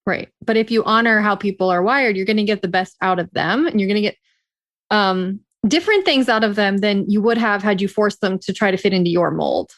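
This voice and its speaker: A woman co-hosting a podcast advice segment, speaking bluntly with plenty of emphasis and jokes. Her voice sits at a middle pitch, and the recording is dry and close with no room sound. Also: brisk, no echo. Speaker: podcast co-host. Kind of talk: casual advice chat.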